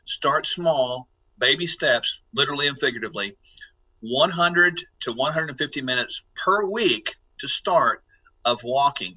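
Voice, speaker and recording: A man's voice: medium pitch, bright, forceful tone, slightly rough, highs cut off. A man giving instructive, emphatic advice on a podcast interview, often repeating words as he starts a sentence. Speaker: guest wellness speaker. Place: office building.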